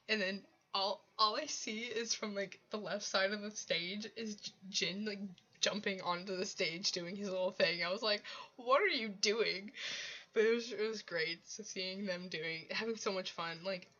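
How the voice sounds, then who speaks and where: A young woman chats excitedly through a concert recap, her voice bright and forward, words tumbling out with fillers and restarts. The recording sounds a little dull and lo-fi, like a home vlog. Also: medium pitch. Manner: gushing, rambling, many fillers and restarts. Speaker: vlogger.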